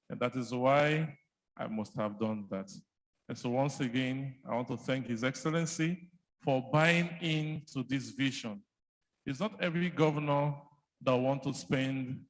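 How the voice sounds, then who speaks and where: A man's voice: mid-range voice, rough recording. A man with a Nigerian accent giving an earnest, heartfelt public speech as health commissioner at a conference. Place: conference hall.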